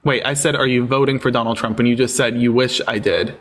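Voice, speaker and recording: A man's voice: medium pitch, fairly even intonation, brisk, fairly bright tone. A man hosting a live-stream debate, sarcastic and taunting with callers, thanking viewers in casual chat. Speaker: livestream debate host.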